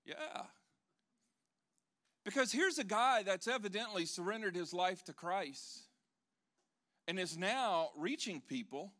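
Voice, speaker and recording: Man, pastor, sermon, high voice, bright forceful tone, animated, loud to hushed, joking asides. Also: slow pace, long pauses.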